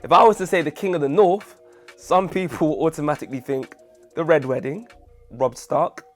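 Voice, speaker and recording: A man's voice: on the high side, moderate pace, soft background music. A man hosting a casual commentary video, jokey and self-deprecating, full of chatty asides. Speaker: video essay host.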